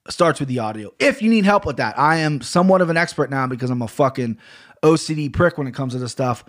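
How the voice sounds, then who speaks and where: Talking fast and animated in a mid-range voice, this podcast host recaps a fight in a loose, rambling way. His language is blunt and full of swearing, and he's recording on a studio microphone at home.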